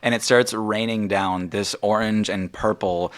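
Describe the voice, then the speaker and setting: A man's voice: on the low side, steady tone, unhurried. A man narrating as game master in a tabletop game, rambling and laughing often.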